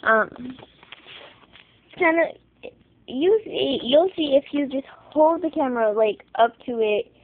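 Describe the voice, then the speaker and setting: A woman's voice: high voice, animated. A woman reading a picture book aloud on camera, stumbling and restarting, recorded on a handheld phone or camera. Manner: halting reading with frequent restarts and apologies. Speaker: book reader. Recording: thin phone-like dry sound.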